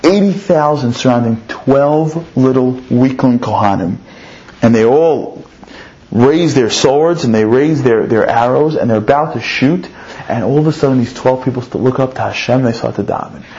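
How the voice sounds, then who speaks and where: Animated male storyteller, lo-fi recording. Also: moderate pace. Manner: animated, voice climbs high on emphatic points; repeats words while building a story. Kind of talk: storytelling lesson. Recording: dull lo-fi recording.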